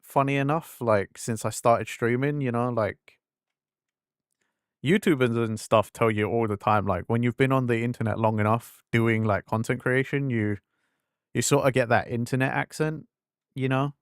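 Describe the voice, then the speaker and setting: A man's voice: medium pitch, steady tone, moderate pace, clear, resonant tone, no echo, clean studio sound. Chatty English man streaming a game. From England. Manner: chatty and rambling, acts out quoted conversations. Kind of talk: casual live-stream chat.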